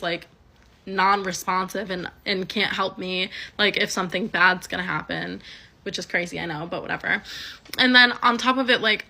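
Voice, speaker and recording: A woman's voice: mid-range voice, bright, forceful tone. A young adult woman telling a personal story in a casual monologue, rambling with lots of "like" and "um" and some swearing. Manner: rambling, heavy use of "like" and "um", swearing.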